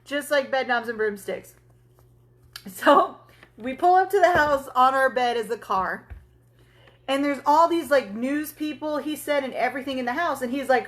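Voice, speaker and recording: A woman with a high-pitched, fairly bright voice hosts a casual tumbler crafting livestream at a moderate pace. As she works, she tells a chatty story and answers viewers, swearing and laughing freely.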